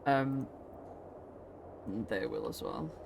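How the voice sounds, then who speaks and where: A woman's voice: rumbling low, wildly swooping pitch, extremely slow, creaky. Lady dm rambling and giggling through the scene, lots of "like" and "um", faint noise in the background. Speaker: game master. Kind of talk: narrating a tabletop game.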